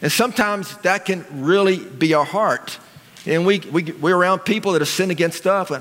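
A man preaches from the front of a church, his voice pitched fairly high for a man. He talks to the congregation in a casual, conversational way and keeps asking them questions. The sound carries a long reverb from the large hall. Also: normal speed, a bit bright. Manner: conversational, asks the audience questions. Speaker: pastor. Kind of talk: sermon. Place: church sanctuary.

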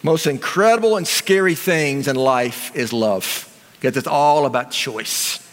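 A middle-aged male pastor preaching a sermon, telling stories in an animated way with emphatic repetition. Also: mid-range voice, unhurried, long reverb tail.

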